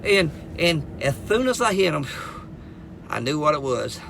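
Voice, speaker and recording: A middle-aged man telling a funny personal story in an animated way, often repeating his words. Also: a little high, unhurried, creaky, slight background noise.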